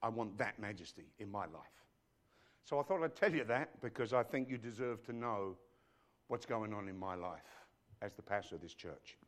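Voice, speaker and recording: A man's voice: on the low side, lively intonation, moderate pace. Emphatic male pastor preaching. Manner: emphatic, swinging between hushed and loud; addresses the congregation directly. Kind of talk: sermon. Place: church.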